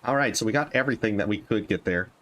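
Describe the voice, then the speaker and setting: A man's voice: fairly low pitch, fast, a bit bright, slight background noise. A man streaming a survival game, giving casual commentary and thinking aloud over his choices.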